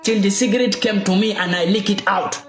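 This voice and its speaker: A man delivers a fiery political speech, driving his points home with repeated rhetorical questions. His voice sits high and rings in an echoey room. Faint music plays underneath. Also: steady tone, a little fast. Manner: repetitive rhetorical questions, emphatic.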